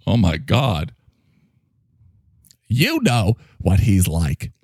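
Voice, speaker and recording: Slow, gravelly man riffing sarcastically. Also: on the low side, warm tone, dry recording, clean studio sound. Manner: rambling, sarcastic. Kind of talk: rambling comic monologue.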